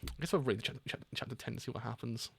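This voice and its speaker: A young man hosting a casual manga reaction, relaxed and stumbling, swearing casually. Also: medium pitch, fast, creaky, breathy edge.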